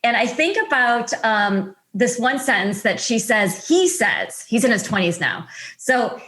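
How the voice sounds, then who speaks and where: Woman host, kinda high voice, gentle and affirming, chatty interview vibe. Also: very animated, unhurried. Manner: gentle, warm-hearted, affirming. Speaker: podcast host. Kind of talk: conversational interview.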